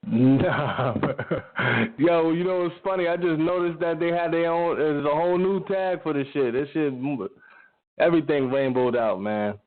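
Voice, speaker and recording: A man's voice: fairly high pitch, a little slow. A man in a casual chat, talking in a laid-back way and laughing between remarks. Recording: tinny phone-like line.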